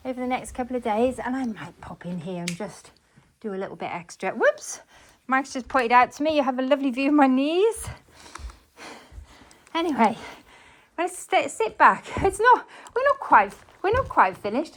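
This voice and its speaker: A woman chatting to viewers as she cleans her living room, talking while moving around the room. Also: sits high. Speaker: cleaning vlogger. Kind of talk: casual chat while cleaning. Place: living room at home, indoors.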